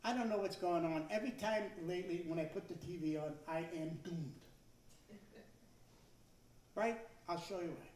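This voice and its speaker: A man in his sixties doing a stand-up comedy routine, talking loudly with stammering restarts and shouted punchlines. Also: high-pitched, normal speed, pauses often. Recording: echoey room, voice from some distance.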